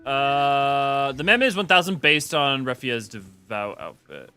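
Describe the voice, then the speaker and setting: A man's voice: mid-range voice, very animated, measured pace, pushed and bright, clean tone, faint music behind. A man streaming a game, chatting with viewers in a rambling way with many restarts. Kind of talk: casual game stream commentary.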